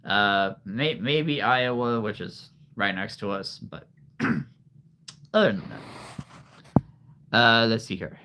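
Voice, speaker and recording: A man's voice: on the low side, slow pace, pauses often, sharp tone, slight background noise. A man from Nebraska, a livestream host chatting casually with viewers, laughing often. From Nebraska, USA. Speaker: livestream host showing a creature collection.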